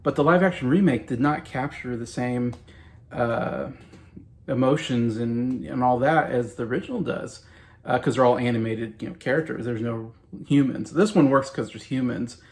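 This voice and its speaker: A man's voice: mid-range voice, normal speed, a little mellow, a little hiss or hum. Rambling man reviewing a movie. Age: around 40. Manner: rambling, hedging, with frequent restarts.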